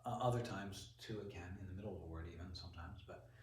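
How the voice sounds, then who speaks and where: A man teaching a class in a relaxed, chatty way, with lots of ums and restarts. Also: deep voice, fast talker, a little hiss or hum. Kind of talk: classroom lesson. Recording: roomy echo, voice from far off.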